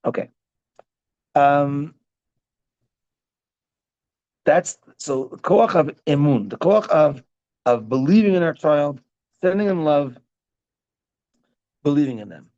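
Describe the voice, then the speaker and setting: A man's voice: a little high, lively intonation, measured pace, pauses often, a little mellow, lo-fi sound. A middle-aged man, a rabbi, teaching a parenting class in a casual, rambling way, often repeating himself and breaking off mid-sentence. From Israel-educated, speaks Hebrew. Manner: rambling, self-interrupting, repeats words.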